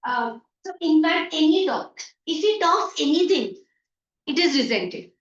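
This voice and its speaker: Her voice sits high, with lively intonation and an unhurried delivery. This Indian English-accented teacher walks an online class through a story, rephrasing lines and performing ordinary remarks, all captured over a video call that comes across dull, distant and echoey.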